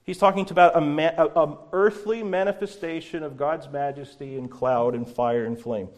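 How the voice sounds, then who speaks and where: Male pastor, slightly high voice, passionate pulpit preaching that builds to forceful peaks. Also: steady tone, normal speed. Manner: impassioned preaching, rising to forceful declarations. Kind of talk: sermon. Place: church sanctuary, from the pulpit.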